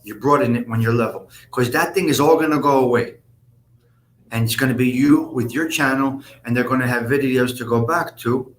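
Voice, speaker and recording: A man's voice: medium pitch, normal speed, a little hiss or hum. A man hosting a casual live stream, answering viewers' comments by name in a blunt, profane, rambling way.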